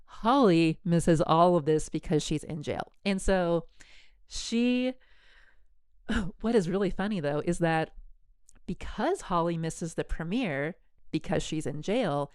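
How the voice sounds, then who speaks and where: Woman, casual storyteller, chatty, lots of fillers, smooth voice, dry close sound. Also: fairly low pitch, no room sound. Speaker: host.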